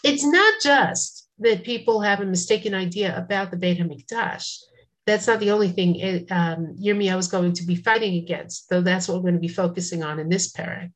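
A woman's voice: lowish voice, brisk. Woman teaching a Bible text lesson. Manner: reads Hebrew verses then translates, conversational asides.

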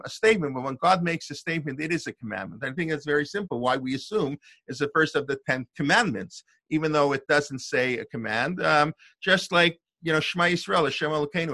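A man's voice: on the high side, pushed and bright, dry recording. An older man giving an informal Torah lesson as a rabbi, thinking aloud in a discursive way with restarts and asides.

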